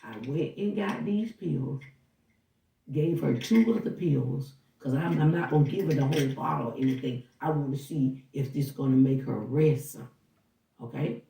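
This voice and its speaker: A woman with a gravelly, fry-edged voice recounts what she saw in an animated, casual way, slipping into the voices of the people in her story. She sits away from the microphone in an echoey room. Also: extremely low pitch, moderate pace. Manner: animated, acts out dialogue while recounting. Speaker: housekeeper. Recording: roomy, distant from the mic.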